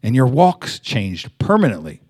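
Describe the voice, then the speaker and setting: A man's voice: medium pitch, wildly swooping pitch, a little slow, a little mellow, slightly rough. A young adult man giving a sermon in a loose, conversational way, full of fillers and restarts. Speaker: pastor.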